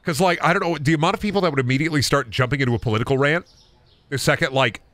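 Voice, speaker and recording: Bright-voiced young man ranting on stream. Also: on the high side, rapid-fire, dry recording. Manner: animated, rambling, swears freely. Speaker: game streamer. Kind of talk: ranting livestream commentary.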